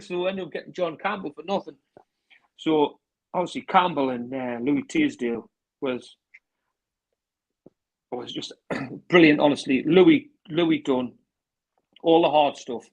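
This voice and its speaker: A man with a North East English accent telling rambling football anecdotes, acting out old phone calls with a steady run of "I says". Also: fairly high pitch, unhurried, long pauses, poor audio. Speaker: interview guest, former club manager.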